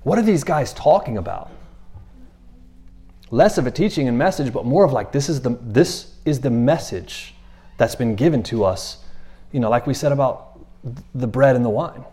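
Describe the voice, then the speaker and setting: Male preacher, casual and animated delivery, talks like he's chatting with friends, restless rhythm. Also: medium pitch, moderate pace, long pauses. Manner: animated, repeats himself, acts out quotes in passing. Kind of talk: conversational sermon.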